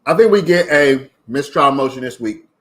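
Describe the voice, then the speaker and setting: A man's voice: mid-range voice, expressive, normal speed. A man from Maryland hosting a casual livestream, chatting and reading out viewer comments. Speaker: livestream host.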